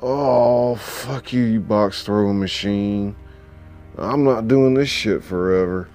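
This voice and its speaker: A cocky young dock hand, voiced by the narrator swears freely and answers with brash sarcasm. The tone sits a little above a low male voice, with faint music in the background of this storybook reading. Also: slow pace, darkish tone.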